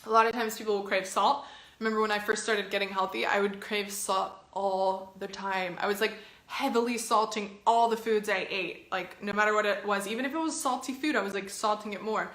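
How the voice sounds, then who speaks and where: A woman coaching her listeners in a loose, chatty way, full of filler words and encouragement. Her voice is bright and clear. The recording carries a noticeable room echo. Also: medium pitch, fairly even intonation, a little fast. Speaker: health and fitness coach. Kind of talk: casual coaching talk to camera.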